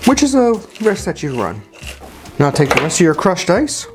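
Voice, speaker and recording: A home bartender shows off cocktails over background music, his voice a little high with huge pitch swings and a normal speed. He's informal and talkative, restarting sentences and leaning on fillers.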